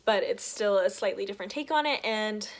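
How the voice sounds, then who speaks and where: A woman's voice: mid-range voice, expressive, fairly quick. A young woman talking casually to camera as a book vlogger, chatty and enthusiastic.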